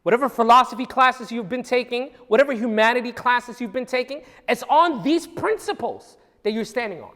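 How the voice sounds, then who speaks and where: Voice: medium pitch, a bit bright. A speaker giving an earnest, emphatic church history lesson in a church hall. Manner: earnest, emphatic, with some restarts. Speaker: church teacher. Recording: long hall reverb.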